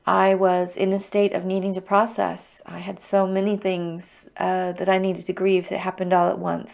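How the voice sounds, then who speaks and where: A woman's voice: lowish voice, level tone, moderate pace, creaky, hardly any pauses, a little mellow. A middle-aged woman hosting a livestreamed EFT tapping circle, speaking in a heartfelt, openly emotional and encouraging way. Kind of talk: livestream guided tapping talk.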